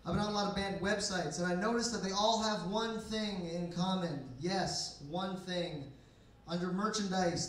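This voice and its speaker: A man in his twenties doing a stand-up comedy set with a dry, deadpan, sarcastic delivery at a comedy night in a bar basement. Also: sits high, slight background noise. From Canada. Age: 20s. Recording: echoey room, mic from far off.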